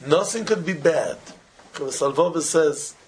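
A man teaching an informal religious class, telling animated everyday stories in simple, broken English with Hebrew and Yiddish terms mixed in. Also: a little high, moderate pace, slight background noise. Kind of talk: informal Torah talk with stories.

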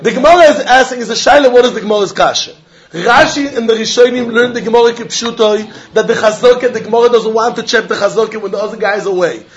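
Man, high voice, Talmud lecture, animated and argumentative, pointed questions, muffled lo-fi recording. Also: quick pace. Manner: animated, argumentative, mixing Yiddish and Hebrew terms into English; asks students pointed questions. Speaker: Talmud teacher.

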